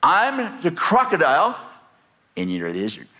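A man's voice: a little high, wildly swooping pitch, moderate pace, pushed and bright, exaggerated voice. An older man voicing a bossy little girl of about five while telling a story in a sermon, insistent and commanding.

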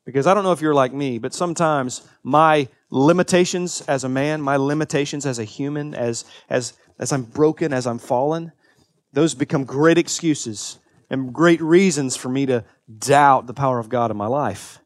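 A man's voice: mid-range voice, no room sound, clean studio sound. Earnest man preaching a sermon. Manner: earnest, rising to emphatic peaks, then quiet and confessional; halting restarts and repeated words. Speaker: pastor.

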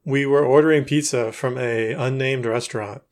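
Dry low-key male podcaster. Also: steady tone, normal speed. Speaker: podcast co-host. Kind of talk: casual storytelling chat.

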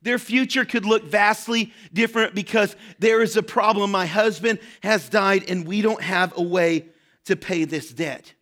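A high-pitched man delivers a sermon in an earnest, direct way. He keeps checking in with his listeners and acts out a widow's desperate cries with rising urgency. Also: fairly bright tone. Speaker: pastor.

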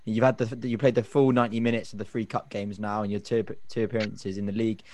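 A man's voice: lowish voice, little pitch movement, fast talker, a little mellow, a little hiss or hum. A man co-hosting a podcast, asking a footballer questions conversationally. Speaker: podcast co-host. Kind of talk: interview questions.

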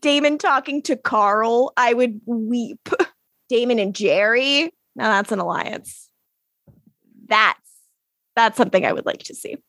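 Laughing, fast-talking woman podcaster. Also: a little high, fairly bright tone, no echo, clean studio sound. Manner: laughs often, swears, acts out quotes. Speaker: podcast co-host. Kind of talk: casual recap chat.

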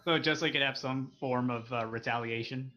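Bright-voiced man on a dull, noisy mic. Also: medium pitch, steady tone, moderate pace. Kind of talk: casual chat. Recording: dull lo-fi mic with faint noise.

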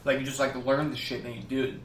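Young man rambling deadpan, distant roomy mic. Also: mid-range voice, quick pace, slight background noise. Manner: rambling, deadpan step-by-step storytelling with many fillers. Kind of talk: casual chat.

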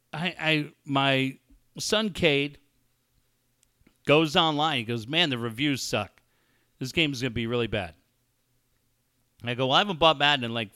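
A radio show host in his forties tells stories in casual chat, with a smooth, mid-range voice captured in a dry, clean studio recording. He brings the tales alive by animatedly acting out quoted dialogue.

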